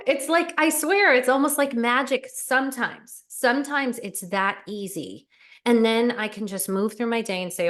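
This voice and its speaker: A woman life coach talking earnestly as an interview guest, animated and full of fillers. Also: a little high, unhurried. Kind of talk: casual interview chat.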